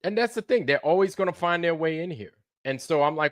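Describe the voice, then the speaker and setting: A man streaming live, ranting in a heated, profane way, repeating himself and swinging between low mutters and loud outbursts. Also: expressive, brisk, no room sound. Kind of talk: heated livestream rant.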